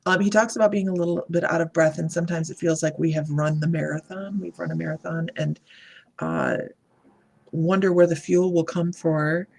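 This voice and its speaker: A woman doing a live psychic reading, speaking in a halting, meandering way and greeting viewers by name as she reads their comments. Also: low-pitched, creaky, a little mellow. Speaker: psychic medium.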